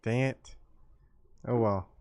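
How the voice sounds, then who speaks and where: A man hosting a casual online show, friendly and quick to laugh. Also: mid-range voice, fairly even intonation, a little mellow, no room sound, clean studio sound. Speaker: host. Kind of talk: casual chat.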